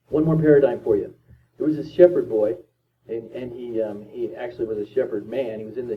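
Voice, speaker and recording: A man's voice: mid-range voice, slight background noise. A man in his fifties giving an emphatic, repetitive motivational talk as a speaker. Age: 50s. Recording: distant tinny lo-fi recording.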